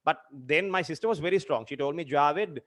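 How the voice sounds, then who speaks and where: A young man in his twenties, a teacher telling a personal story in a lesson, earnest and halting with many fillers and repeated phrases. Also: fairly high pitch, fairly bright tone. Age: 20s. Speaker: literature teacher.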